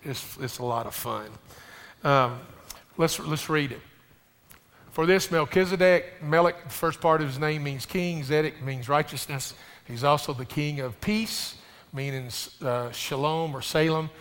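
A man preaching a sermon to his congregation, stumbling over restarts and building to loud, rising emphasis. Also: fairly high pitch, unhurried. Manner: addresses the congregation directly. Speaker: pastor. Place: church sanctuary. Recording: preached in a reverberant hall.

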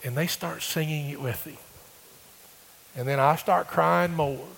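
A male pastor with a somewhat high, gravelly voice. He preaches in a storytelling way, building to emphatic bursts. The sound has a long reverb from a large church hall. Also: fairly even intonation, unhurried, fairly bright tone, slight background noise. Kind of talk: sermon.

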